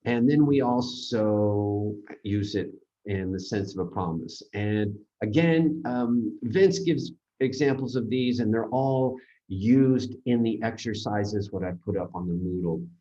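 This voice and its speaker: Slow, deep-voiced man teaching grammar. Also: warm tone, dull audio. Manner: rambling, halting explanations with many restarts and fillers. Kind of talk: recorded grammar seminar lecture.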